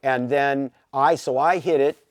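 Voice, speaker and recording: Man, from the pacific northwest, podcast guest, animated storytelling, dry close sound. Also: medium pitch, unhurried, no echo. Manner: animated anecdotes, many "you know" fillers. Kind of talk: casual storytelling.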